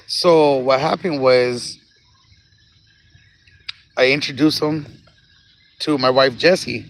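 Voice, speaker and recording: A man's voice: medium pitch, takes it slowly, long pauses, fairly bright tone. A man on a phone livestream outdoors at a cemetery, telling a personal story casually, laughing often, repeating phrases and getting emotional. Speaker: livestream host.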